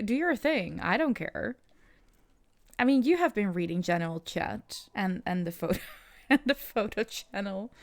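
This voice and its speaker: A woman's voice: medium pitch, gravelly. A woman streamer playing a game, chatting casually, laughing often and reacting to her chat. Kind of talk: casual livestream chat over gameplay.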